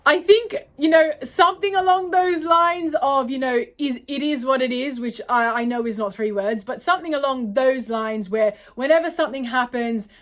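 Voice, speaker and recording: Australian woman, fairly high voice, casual Q&A monologue, rambling, apologetic. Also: normal speed, hardly any pauses. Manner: rambling, apologetic, self-correcting. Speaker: vlogger answering viewer questions.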